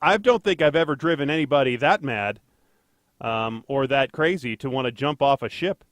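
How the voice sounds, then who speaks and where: A man's voice: medium pitch, moderate pace, no echo. A man co-hosting a casual podcast, rambling and joking with lots of fillers and self-deprecating asides. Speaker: podcast co-host, traffic anchor.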